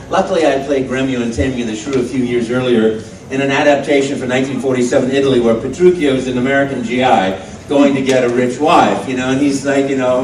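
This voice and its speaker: A man, a voice actor on a fan panel, telling a lively anecdote and acting out the other people's voices. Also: mid-range voice, brisk, recorded from a distance, slight background noise. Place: large convention panel room. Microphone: phone held in the audience, far from the stage. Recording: echoey hall, phone from the audience.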